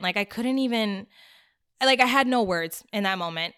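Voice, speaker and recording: A young woman guest telling a personal story in a chatty, casual way, full of "like" and quick laughs. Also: medium pitch, pushed and bright, smooth. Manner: chatty, peppered with "like", laughs often.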